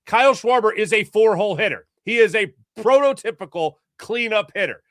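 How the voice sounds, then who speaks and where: A man's voice: high-pitched, lively intonation, a little fast, fairly bright tone, dry recording, studio quality. A middle-aged man co-hosting a sports talk show, giving casual, emphatic and opinionated takes. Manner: emphatic, opinionated, speeds up when making a point.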